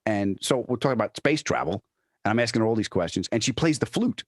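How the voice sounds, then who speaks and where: A man's voice: fairly low pitch, expressive, fast talker, no echo, studio quality. A man, a comedian from New York, chatting in an interview and telling stories with many restarts. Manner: storytelling, restarts often, acts out quoted voices. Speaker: comedian guest. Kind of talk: casual interview chat.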